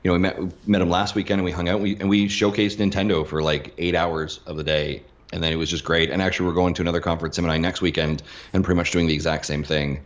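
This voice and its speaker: A man from western Canada, a guest on a podcast, telling lively stories in casual chat and acting out the people he quotes. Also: low voice, fast talker, few pauses, dull audio. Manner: animated storyteller who acts out the people he quotes.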